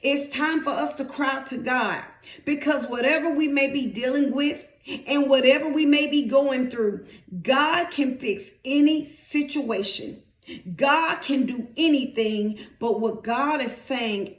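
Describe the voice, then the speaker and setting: Slow, high-pitched woman preaching. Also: roomy sound. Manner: emphatic, repetitive preaching. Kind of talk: sermon.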